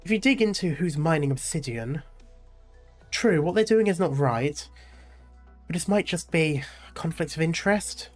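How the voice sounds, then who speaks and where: A streamer voicing a cautious, reluctant man from a game story. He hedges every answer in a plain, mid-pitched voice. Quiet music plays behind. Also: expressive, normal speed, close to an everyday voice. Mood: hedging. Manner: hedging, reluctant. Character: man, cautious and hedging worker.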